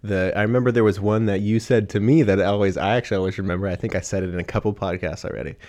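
A man's voice: on the low side, fairly even intonation, racing, a little mellow. A young man hosting a podcast in a studio, talking casually and loosely with lots of slang and fillers. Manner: laid-back, slangy, chatty with many fillers. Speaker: podcast host.

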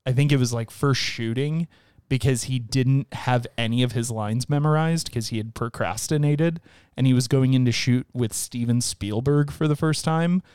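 A man's voice: medium pitch, moderate pace, darkish tone, clean tone, no room sound. A man co-hosting a podcast, chatting casually and stressing his points by repeating them. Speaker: podcast co-host. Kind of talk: casual chat.

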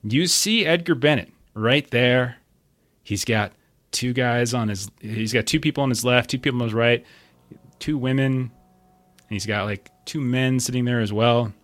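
A man narrating a tabletop game as game master in a relaxed, descriptive way, full of casual fillers. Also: medium pitch, normal speed, dry recording.

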